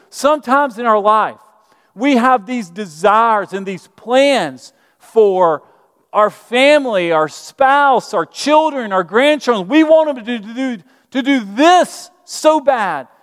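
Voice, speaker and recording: A man's voice: high voice, fairly bright tone. A middle-aged man from Alabama, preaching a sermon in a conversational way and asking the congregation questions. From Birmingham, Alabama. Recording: reverberant church hall.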